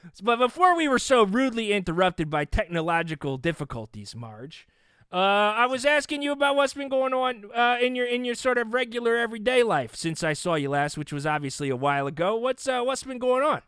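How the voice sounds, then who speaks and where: Man, comedy podcast host, high animated voice, bright tone, dry close mic. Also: fairly quick, clear, resonant tone, no echo. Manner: playful, lively, laughs often.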